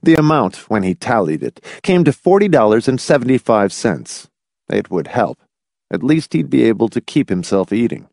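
A man narrating a novel in an expressive, dramatic storytelling manner. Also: medium pitch, normal speed, gravelly, dry recording, studio quality. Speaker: audiobook narrator. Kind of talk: scripted narration.

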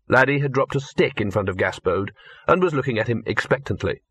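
A male narrator reads an audiobook in a measured, understated storytelling manner. His voice is husky and of middling pitch, recorded dry and close. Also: lively intonation, a bit bright, no echo. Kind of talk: audiobook narration from tape sides.

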